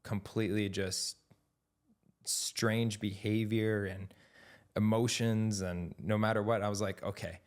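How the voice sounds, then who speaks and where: A young adult man co-hosting a podcast, talking in a reflective, measured way in casual chat. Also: fairly low pitch, level tone, clear, resonant tone. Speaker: podcast co-host.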